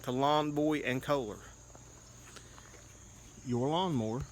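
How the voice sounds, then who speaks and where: A man's voice: medium pitch, slow pace, slight background noise. A man talking to the camera outdoors on a hillside, plainspoken and a bit out of breath, repeating "okay?" to drive his points home. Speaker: lawn care business owner.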